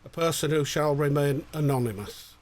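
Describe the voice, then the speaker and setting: A man's voice: on the high side, normal speed, slight background noise. A man, co-hosting a casual livestream and jokingly reading out viewer greetings. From England. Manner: jokey, bantering, stumbles over names.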